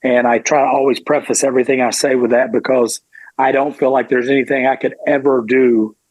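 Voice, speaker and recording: Husky-voiced man telling a story. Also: mid-range voice, dry recording, poor audio. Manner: animated, acts out quoted voices. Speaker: former pro wrestler guest. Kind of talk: storytelling interview.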